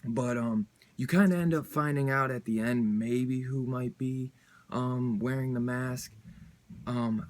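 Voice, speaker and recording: A man chatting casually about a comic book, excited and rambling in a loose, slangy way. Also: medium pitch. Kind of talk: casual review chat.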